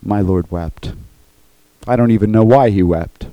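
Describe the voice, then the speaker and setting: A male pastor delivers a sermon in a low, mellow voice that stays earnest and emphatic. He keeps checking in with his congregation between points. The sound is dry and close. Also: measured pace, no room sound, rough recording.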